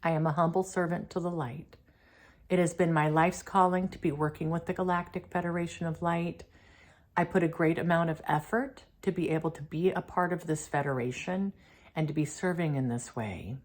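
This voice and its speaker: A woman voicing a polite, humble male reptilian being from space who speaks softly and formally. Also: on the low side, steady tone, normal speed, natural voice. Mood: earnest. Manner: soft-spoken, formal and courteous.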